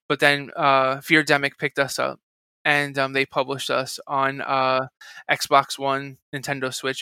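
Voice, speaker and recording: A man's voice: medium pitch, clean tone, dry recording, clean studio sound. A man in his thirties, a voice actor and game writer, telling a story casually with lots of fillers and acted-out quotes. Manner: animated, acts out quotes, many fillers.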